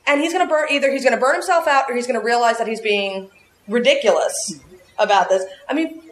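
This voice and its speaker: A talkative woman with a somewhat high voice tells animated stories and laughs often as she goes. She sounds a little echoey, as if in a reverberant room. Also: fast. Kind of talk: casual chat.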